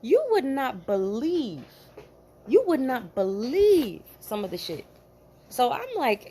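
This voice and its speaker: A woman from New Jersey, a former police officer, telling a story to camera in an animated, profane, emphatic way, with bursts of laughter. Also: sits high, takes it slowly, a little hiss or hum.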